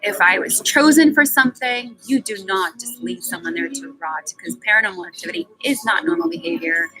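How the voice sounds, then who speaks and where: A woman hosting a live session, talking off the cuff in an emphatic, profane venting style with sudden jumps in pitch. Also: fairly quick, pushed and bright, rough recording. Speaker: livestream host. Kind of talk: unscripted emotional monologue. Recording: music playing behind the voice.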